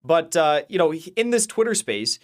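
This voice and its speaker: A man's voice: on the high side, big pitch swings, normal speed. A man hosting his own commentary channel, ranting casually and heatedly, with lots of restarts and swearing. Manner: rambling, heated, profane, many restarts. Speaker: political commentary channel host.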